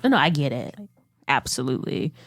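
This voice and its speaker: A woman playing a tabletop role-playing game, drawing out her lines playfully and jumping high when she speaks in character. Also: very animated, no echo, clean studio sound. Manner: playful, slow, drawn-out character voice with high squeaky lifts. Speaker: player.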